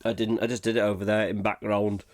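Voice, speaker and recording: Rambling, self-mocking podcast host. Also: male voice, lowish voice, flat delivery, fast. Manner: rambling and self-mocking, laughs often at himself. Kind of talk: casual solo podcast chat.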